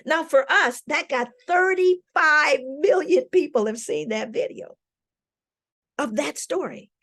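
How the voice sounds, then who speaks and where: Woman, lecture to a live audience, storytelling, lively swooping delivery, slightly high voice. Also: unhurried. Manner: animated, calls on the audience with questions. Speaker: scholar giving a talk.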